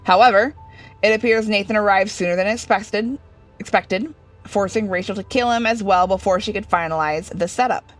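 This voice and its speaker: With faint music in the background, a young woman speaks in a mid-range voice at a moderate pace while hosting a horror game playthrough. She reads the game text aloud and cracks jokes along the way in casual let's-play style.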